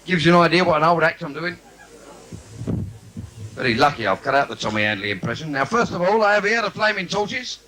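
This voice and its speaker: A man doing bawdy stand-up in a live cabaret, brash and cheeky, now and then breaking into shouted asides. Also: fairly high pitch, animated, brisk. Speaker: stand-up comedian. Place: live theatre stage with audience. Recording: noisy live 1980s theatre recording.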